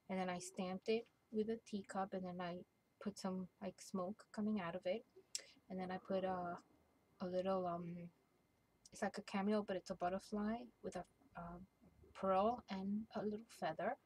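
A woman's voice: medium pitch, fairly even intonation, normal speed, rough recording. Hesitant woman showing her crafts. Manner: hesitant, many ums and restarts, gentle. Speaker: crafter showing a handmade mini album. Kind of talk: casual show-and-tell.

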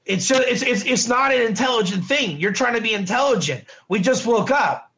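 A man's voice: very high-pitched, expressive, fairly quick, fairly bright tone. A middle-aged man teaching a lesson in a casual, conversational way, often checking in with his listeners. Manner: conversational, repetitive, asks "right?" often. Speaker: Torah teacher. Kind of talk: informal classroom lesson.

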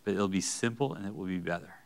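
A man's voice: low-pitched, fast, gravelly, a little mellow. A man preaching an earnest sermon in a church, rising to emphatic bursts. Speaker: pastor.

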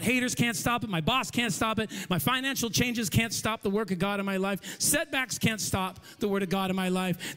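Pastor guy preaching hard, kinda high voice, repeats stuff in rhythm, big echoey church hall. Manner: impassioned preaching, swinging from loud emphasis to near-whispers; repeats phrases in rhythmic lists. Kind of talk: sermon. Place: church auditorium. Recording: long reverb of a large hall.

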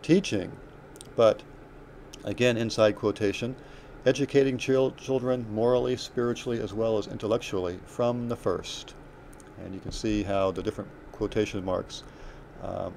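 A man's voice: fairly low pitch, creaky, darkish tone, slight background noise. A man teaching a recorded writing lesson, working through examples one step at a time with fillers and self-corrections. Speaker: writing instructor.

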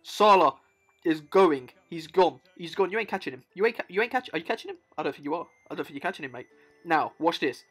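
Over football game clips, a young gaming YouTuber delivers hyped, playful commentary straight to the viewer. He's a fast talker with a slightly high voice and excitable manner, and faint music plays behind.

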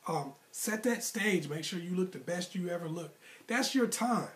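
Brief: male dating coach, talks straight to camera, casual and slangy, pushes his points hard with repetition, voice sits a bit high. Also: expressive, moderate pace. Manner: emphatic, repetitive, motivational. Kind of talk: direct-to-camera advice monologue.

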